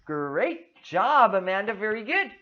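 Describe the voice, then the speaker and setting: A woman's voice: medium pitch, sing-song, lo-fi sound, slight background noise. A woman teaching a demo English lesson to a young child, giving over-the-top praise, drawing out her words and making animal noises. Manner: exaggerated, enthusiastic praise; slow, drawn-out words.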